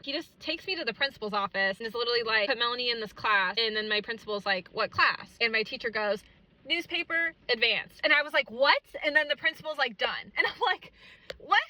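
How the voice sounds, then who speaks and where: A woman's voice: fairly high pitch, bright, forceful tone, rough recording. A young woman hosting her own podcast, telling a personal story in a chatty way, full of fillers and close to tears at times. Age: young adult. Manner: chatty, filler-heavy, emotional and tearful at moments. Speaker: podcast host.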